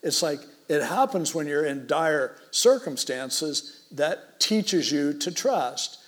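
A middle-aged man preaching a sermon in a relaxed, conversational, storytelling way. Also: on the high side, takes it slowly. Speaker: pastor.

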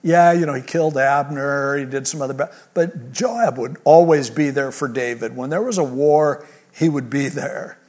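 A man's voice: medium pitch, moderate pace, few pauses, darkish tone. A man preaching a verse-by-verse sermon, reading scripture and then retelling it in casual, conversational speech. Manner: reads scripture aloud then paraphrases it in casual modern speech; conversational, with restarts. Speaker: pastor. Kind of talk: expository sermon.

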